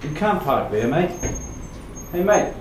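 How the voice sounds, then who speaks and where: A man's voice: fairly high pitch, sing-song, takes it slowly. Bragging Kiwi cop, played by a man, New Zealand accent, rambling, echoey noisy room. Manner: boastful, rambling.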